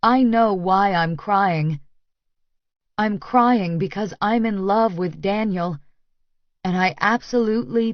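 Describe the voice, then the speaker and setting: A woman narrating a first-person romance audiobook in a breathy, intimate, unhurried way. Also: medium pitch, dry recording, muffled recording.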